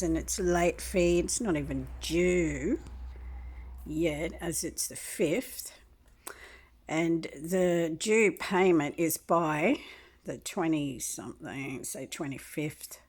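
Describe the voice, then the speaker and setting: Woman, 60s, slow and low-pitched, meandering griping monologue with frequent throat clearing. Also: darkish tone. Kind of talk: rambling complaint to camera.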